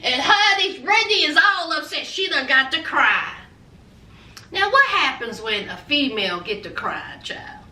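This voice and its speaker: A woman's voice: sits high, big pitch swings, a little slow, bright, forceful tone. A woman recapping a reality TV episode in a sassy, gossipy, playful way. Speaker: TV reality show reviewer. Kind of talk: casual recap chat to camera. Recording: echoey room, distant from mic.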